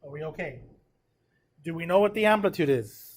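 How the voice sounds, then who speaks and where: A man teaching a math lesson to his students, his voice pitched slightly above the usual for a man. He works through a graph step by step, counts numbers aloud and keeps checking that the class is following. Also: expressive, normal speed.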